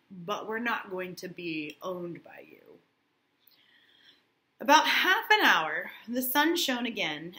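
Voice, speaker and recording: A woman's voice: lowish voice, pushed and bright. A woman teacher reading a novel aloud to her class and breaking off for casual asides, often checking in with "right?".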